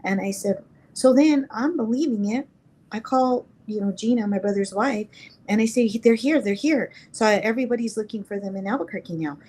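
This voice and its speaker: A middle-aged woman from New Mexico, a guest in an interview, tells a personal story haltingly and emotionally, acting out the dialogue. Her voice is mellow and medium-pitched, and the recording is rough.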